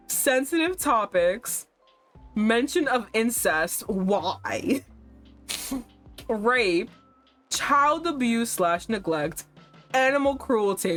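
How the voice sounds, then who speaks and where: A woman streams a dating game, reading its text aloud and reacting with animated, laughing outbursts. Her pace is slow and drawn out. Faint music plays under her voice. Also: fairly high pitch.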